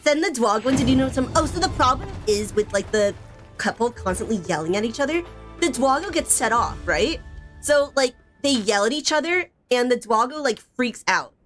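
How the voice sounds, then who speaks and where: A young woman gaming streamer talks with a high, lively voice that swings up and down. She rambles casually, laughing often, with a faint game soundtrack playing underneath. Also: normal speed, soft background music. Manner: chatty, giggly, lots of "like" and "bro".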